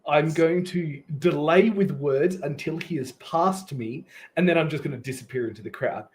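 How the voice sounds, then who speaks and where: A man's voice: fairly high pitch, moderate pace. A man playing a tabletop game, speaking earnestly in character. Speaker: player.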